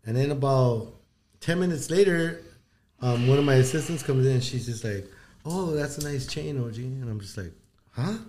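A man's voice: mid-range voice, moderate pace, warm tone, slight background noise. A man in his thirties, a podcast guest, telling a story in casual chat with heavy swearing and frequent laughs. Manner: profane, rambling, laughs often.

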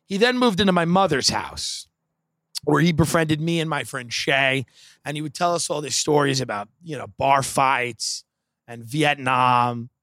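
A man's voice: medium pitch, animated, unhurried, a bit bright, no room sound, clean studio sound. A man doing stand-up, telling a rambling story in a wry, profane way with many asides. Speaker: comedian.

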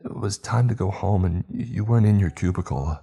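A man's voice: lowish voice, drawn-out words, creaky, warm tone, slightly rough, voice pushed up, exaggerated voice. A man voicing a frightened, emaciated office worker who stammers in a shaky voice. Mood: shaken.

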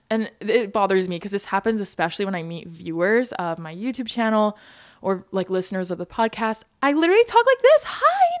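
A woman in her early twenties hosting her own podcast, chatting casually with lots of "like" and "you know" fillers. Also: medium pitch. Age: young adult, 22. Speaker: podcast host. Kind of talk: casual solo podcast chat.

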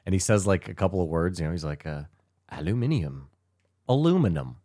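A man chatting on a podcast in a laid-back way, laughing often. His voice is quite low. The recording is dry and close. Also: steady tone, rapid-fire, a little mellow, dry recording. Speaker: podcast co-host. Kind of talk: casual chat.

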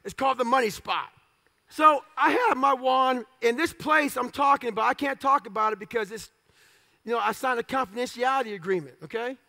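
A man's voice, pitched unusually high and edged with a gravelly rasp, rolls out a motivational speech. He talks in short, punchy fragments and keeps it raw with swearing and jokes at his own expense. The tone is bright and sharp. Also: fairly quick. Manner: blunt, profane, self-mocking humor; punchy clipped phrases. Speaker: motivational speaker.

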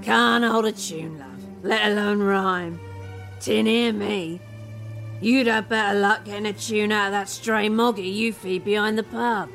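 Audio drama casting: a gravel-voiced, dismissive barmaid over music. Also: female voice, mid-range voice, steady tone, a little slow, a bit bright. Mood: wry. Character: bony, chain-smoking older barmaid, dismissive. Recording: music score underneath.

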